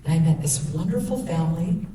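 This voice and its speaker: A woman's voice: low voice, lively intonation, a little fast. Earnest woman speaker in an echoey hall. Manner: earnest, candid storytelling with quoted dialogue. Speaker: guest speaker. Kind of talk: personal testimony talk. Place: school hall. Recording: echoey room, distant mic, faint noise.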